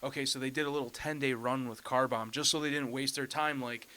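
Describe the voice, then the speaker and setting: A man's voice: mid-range voice, steady tone, brisk, sharp tone. A young man, a band member, chatting casually on a podcast and telling a rambling story, full of "like" and "dude".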